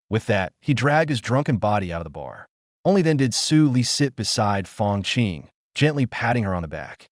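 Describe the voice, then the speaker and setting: A man narrating a dramatic story in a scripted, lively way. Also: medium pitch, normal speed, dry recording, studio quality.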